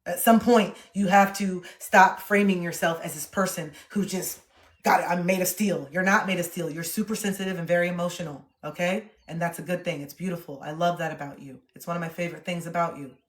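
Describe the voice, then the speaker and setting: A woman livestreamer giving a casual pep talk straight to her viewers. She is blunt and profane, and she swings between loud dramatic outbursts and soft murmurs. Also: on the low side, steady tone, brisk, few pauses.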